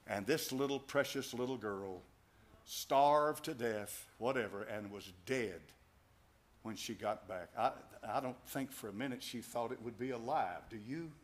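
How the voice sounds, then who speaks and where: A pastor preaches a sermon in a medium-pitched voice, repeating phrases for emphasis. He swings between hushed asides and loud, fervent calls.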